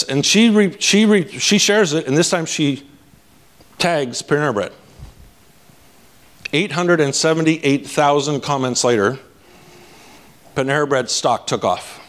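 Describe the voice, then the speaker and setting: A man speaking from a conference stage, energetic, casual and blunt, often asking the audience "right?". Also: mid-range voice. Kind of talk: live keynote talk.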